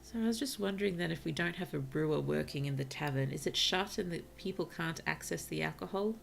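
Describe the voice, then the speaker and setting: A tired woman streamer gently chatting with her viewers during gameplay, softly spoken and often dropping to a whisper. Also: deep voice, brisk, gravelly, a little hiss or hum. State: tired, yawning. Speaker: virtual streamer. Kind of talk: casual gameplay commentary to chat.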